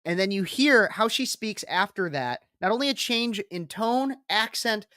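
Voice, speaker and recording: A woman's voice: mid-range voice, animated, normal speed, fairly bright tone, dry recording, clean studio sound. Emphatic woman political commentator. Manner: emphatic, repetitive, combative. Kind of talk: reaction commentary on a speech clip.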